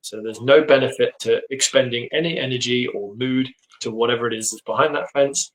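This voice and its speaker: A man, a dog trainer, explaining his methods in an earnest, steady way from his home office. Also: medium pitch, brisk, rough recording. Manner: earnest, explanatory, lots of agreeing 'yep'. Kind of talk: casual conversation.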